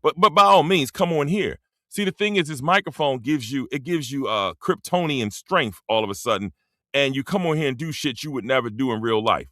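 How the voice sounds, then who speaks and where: A man's voice: medium pitch, animated, a little fast, bright, forceful tone, no echo, clean studio sound. A man around fifty, talking bluntly and profanely in a rambling casual monologue as a streamer, full of slang. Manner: drops into dialect slang.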